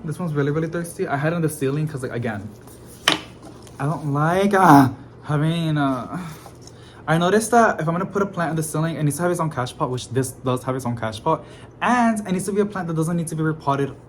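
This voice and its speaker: A young man talking in a rambling, expressive, sassy way, laughing often, in a casual vlog at home. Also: fairly high pitch, a little hiss or hum. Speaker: plant vlogger. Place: home apartment, indoors.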